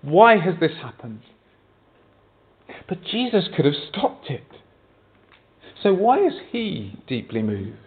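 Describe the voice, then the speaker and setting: Preacher on a tinny line. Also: male voice, on the high side, very animated, slow pace, pauses often, slight background noise. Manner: earnest, asks the congregation rhetorical questions. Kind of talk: sermon. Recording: tinny phone-like sound.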